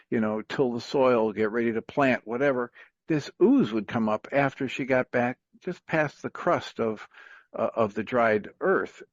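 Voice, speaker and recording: A man's voice: mid-range voice, no room sound. A man casually telling a long story on a talk radio show, rambling with many fillers and chuckles. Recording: dry, dull lo-fi radio sound.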